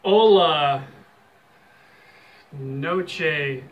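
A man's voice: a little high, very slow. A man playing a casual challenge game with his sister, teasing her with dry quips. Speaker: guest, host's brother.

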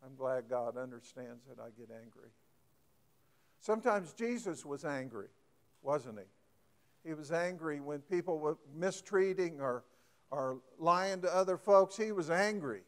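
A man's voice: a little high, lively intonation, measured pace. A man preaching a folksy sermon, often asking the congregation questions and getting emphatic.

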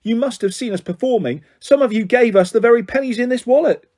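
A man's voice: very high-pitched, fast talker, mellow, pitched above the performer's own voice. A man voicing a plucky, defiant young girl who performs in the streets. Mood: insistent. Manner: insistent, defiant protests.

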